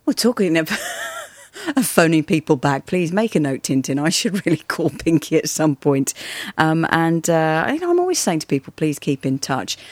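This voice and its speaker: A woman's voice: sits low, very animated, slight background noise. A woman hosting a comedy podcast, playfully teasing a caller and laughing often. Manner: playful, giggly, quick to tease. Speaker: podcast host. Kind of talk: comic chat with a caller.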